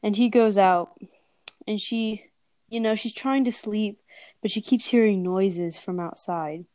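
Slow, dry-voiced young woman telling a scary story. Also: medium pitch, warm tone, no echo. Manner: dramatic scary-story telling with drawn-out sound words. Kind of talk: casual storytelling among friends.

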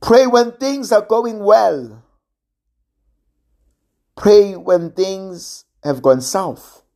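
A preacher giving a sermon in a measured, gently emphatic way, pausing often. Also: mid-range voice, vocal fry. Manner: slow, measured, with gentle emphasis and long pauses.

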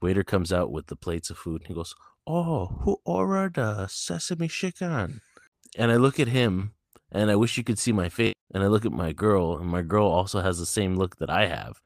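A man co-hosting a podcast, telling profane stories in casual chat, baffled and animated. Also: deep voice, brisk, dry recording, clean studio sound. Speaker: podcast co-host.

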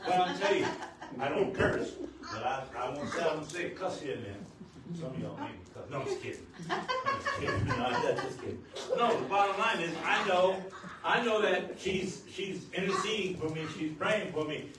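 An older man, married nearly fifty years, preaching a sermon as pastor, at times rising to shouts. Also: high voice, lively intonation, normal speed. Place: church sanctuary. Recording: very echoey church hall, distant mic, noisy.

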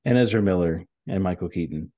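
A man co-hosting a podcast, talking in a laid-back, halting way with lots of fillers. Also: low voice, narrow, tinny audio. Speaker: podcast co-host. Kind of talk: casual chat.

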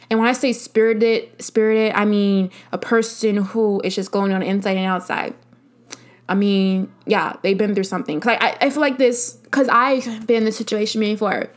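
A woman's voice: mid-range voice, fairly even intonation, normal speed. A young adult woman hosting her own podcast, speaking in an earnest, emphatic way and repeating phrases to stress a point. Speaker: podcast host. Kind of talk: casual solo podcast talk.

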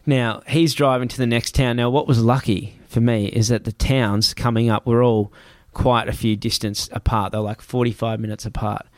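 A man with an Australian accent telling a story in a casual chat, rapid and swearing freely as he acts out what people said. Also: medium pitch, fairly even intonation, a little mellow, dry recording, clean studio sound.

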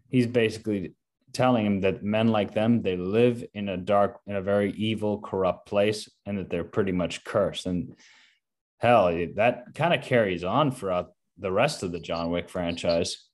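A man in casual film discussion, animated and acting out quotes from scenes. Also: lowish voice, normal speed. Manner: animated, acts out movie quotes. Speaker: co-host discussing films.

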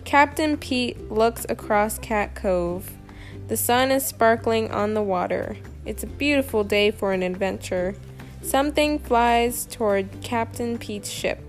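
A woman reads a children's picture book aloud at an unhurried pace, in a fairly high voice. She lifts the dialogue with playful expression, over faint music in the background. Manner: slow, expressive reading with lively character lines. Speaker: storybook reader.

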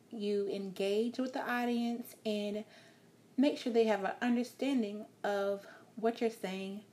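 A woman with a mellow, warm tone teaching a lesson on vocal delivery. She speaks in a calm, reassuring way and plays with her volume and pace to demonstrate her points. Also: mid-range voice. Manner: calm, encouraging, shifts loudness and pace to demonstrate. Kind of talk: instructional talk.

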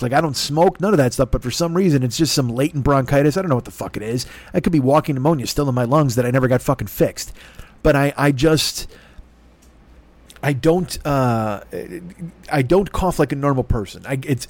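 A middle-aged man hosting a podcast, rambling through a profane, self-deprecating comedic monologue with a rough throat and a stuffy nose. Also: mid-range voice, moderate pace, darkish tone, no echo. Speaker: podcast host.

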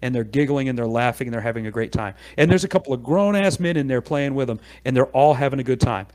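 Animated middle-aged man telling a story. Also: mid-range voice, fast. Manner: animated storyteller, acts out quoted voices. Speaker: podcast guest. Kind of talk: casual storytelling chat.

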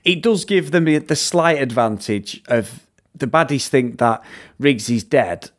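A man's voice: medium pitch, unhurried. A man co-hosting a film review podcast in casual chat. He retells scenes at length, swears freely and laughs often. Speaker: podcast co-host reviewing films.

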